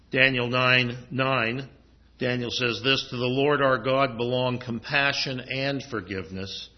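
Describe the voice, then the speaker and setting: A man preaching a sermon in a conversational way, reading scripture aloud as he goes. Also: medium pitch. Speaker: pastor. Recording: muffled lo-fi recording.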